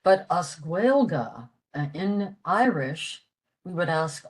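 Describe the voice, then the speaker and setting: An older woman explaining a language lesson for a library talk, halting with many fillers. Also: lowish voice, big pitch swings, breathy edge, poor audio. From western Pennsylvania, USA. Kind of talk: explaining a lecture.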